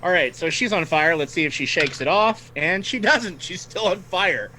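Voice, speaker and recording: A man's voice: high voice, expressive, normal speed, bright, forceful tone, slight background noise. A man running a tabletop game as game master, narrating turns in a friendly way and laughing often.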